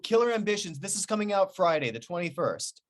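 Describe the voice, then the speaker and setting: A man's voice: high-pitched, very animated, a little fast. A man hosting an interview show, chatting with a guest in an enthusiastic, chummy way. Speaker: talk show host. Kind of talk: casual interview chat.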